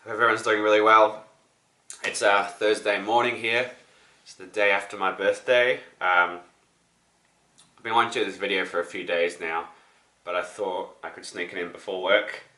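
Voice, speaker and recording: Low-voiced New man with a slightly sick voice. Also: steady tone, normal speed, bright, forceful tone. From New Zealand. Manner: rambling, many ums and restarts. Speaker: record-collecting vlogger. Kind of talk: casual vlog to camera. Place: apartment. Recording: echoey room.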